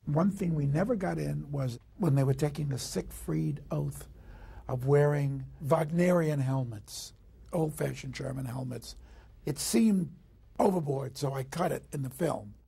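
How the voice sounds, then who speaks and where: Very husky, dark-voiced man. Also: fairly high pitch, unhurried. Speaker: director. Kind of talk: interview recollection.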